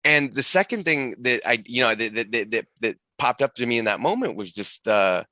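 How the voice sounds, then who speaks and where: Bright, rambling male podcast guest. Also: mid-range voice, expressive, brisk, no room sound. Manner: rambling storyteller, many restarts and asides. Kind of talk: casual conversation.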